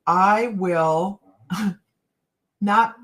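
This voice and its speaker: A woman's voice: mid-range voice, extremely slow, fairly bright tone. A middle-aged woman reading cards on a casual live chat, rambling and laughing often. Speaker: psychic card reader.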